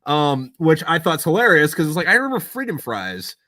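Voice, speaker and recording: A man talking as a podcast guest in casual chat, swearing often and rambling through animated stories. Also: on the high side, brisk, dry recording, studio quality. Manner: profane, rambling, animated storyteller.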